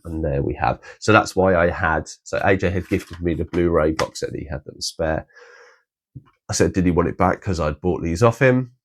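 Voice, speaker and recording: A man's voice: low voice, creaky, a little hiss or hum. A man rambling casually with many restarts, showing off his collection in a vlog. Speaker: collector vlogger.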